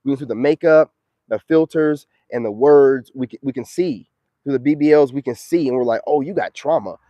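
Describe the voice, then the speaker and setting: A man's voice: mid-range voice, fairly quick, dark tone, no echo, muffled recording. A man hosting a live stream, talking in a slangy, preachy, emphatic way in a casual monologue.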